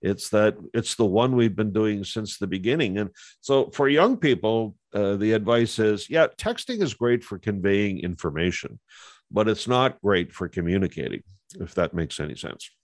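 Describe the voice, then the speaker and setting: A man's voice: lowish voice, lively intonation, normal speed, no echo, clean studio sound. A man talking earnestly in a conversational podcast, with frequent fillers and restarts as he makes his point about communication.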